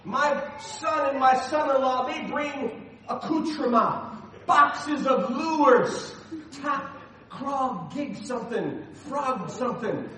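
High, lively pastor in an echoey hall. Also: male voice, recorded from a distance. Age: middle-aged. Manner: animated, self-deprecating humor. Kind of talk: sermon with personal storytelling.

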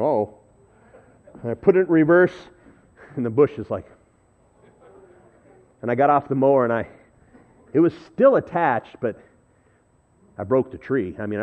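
A man preaching a sermon, telling a story in a conversational, self-deprecating way and swinging between loud and hushed. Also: medium pitch. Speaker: pastor. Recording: thin phone-like audio.

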